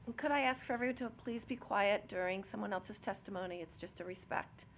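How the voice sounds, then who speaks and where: A woman chairing a public hearing, polite and brisk as she calls speakers. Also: mid-range voice, slight background noise.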